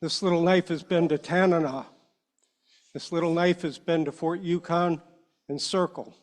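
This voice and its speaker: A man addressing a public meeting as a panel member, earnest and a little halting, emotional as he speaks. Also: on the high side, steady tone. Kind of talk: heartfelt speech at a meeting. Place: meeting room.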